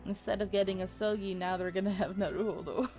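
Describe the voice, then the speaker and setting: A woman's voice: mid-range voice, steady tone, fairly quick, darkish tone, soft background music. A woman giving casual, chatty commentary on a game playthrough, musing aloud and laughing often. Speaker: gamer, let's play host.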